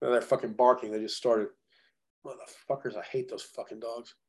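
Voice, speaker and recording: A man coaching chiropractors in a blunt, profane, animated way, telling stories. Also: mid-range voice, fairly quick. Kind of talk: profane coaching talk on a call.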